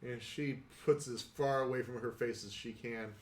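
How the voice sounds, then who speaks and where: A man's voice: medium pitch, fairly even intonation, normal speed, a little hiss or hum. A man narrating as game master of a tabletop role-playing game, telling the story unhurriedly with frequent fillers. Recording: roomy echo.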